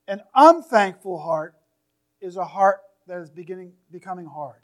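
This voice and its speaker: A man preaching in a church with a notably high voice. He reads scripture slowly and forcefully, then lets his phrases fall away softly. The delivery is steady and earnest. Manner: reads scripture slowly and emphatically, drops to near-whispers at phrase ends. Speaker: pastor. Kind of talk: sermon.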